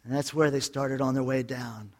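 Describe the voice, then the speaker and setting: A man's voice: medium pitch, normal speed. A man preaching a sermon to his congregation, telling jokes and stories and repeating his points emphatically. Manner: lively storytelling preacher with jokes and emphatic repetition. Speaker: pastor.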